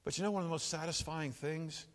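An older man preaching a sermon in an animated, jokey way, often laughing and acting out quotes. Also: on the high side, fast, in a large hall. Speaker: pastor.

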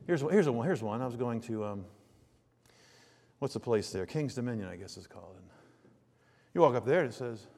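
A man preaching a sermon, telling homely stories with emphatic, drawn-out phrases. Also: medium pitch, animated, darkish tone. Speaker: pastor. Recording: long reverb of a large hall.

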